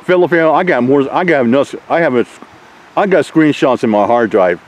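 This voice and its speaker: Taunting, swearing man with lively pitch. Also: moderate pace, low-quality recording. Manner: taunting, combative, swearing, mocking laughs. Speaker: YouTuber ranting at trolls. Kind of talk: profane rant to camera.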